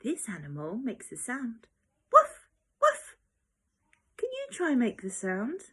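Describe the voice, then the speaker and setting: A woman's voice: on the high side, wildly swooping pitch, normal speed, darkish tone, breathy edge. A woman teaching young children, talking in an exaggerated, encouraging, sing-song way and sometimes dropping to a whisper. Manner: drops into whispers at times.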